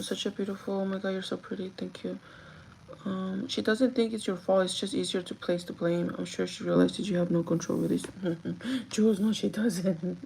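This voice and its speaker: A woman's voice: mid-range voice, creaky, a little mellow, slight background noise, poor audio. A woman chatting casually to her live viewers while doing her makeup, talking straight to them and laughing often. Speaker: livestreaming vlogger and store manager.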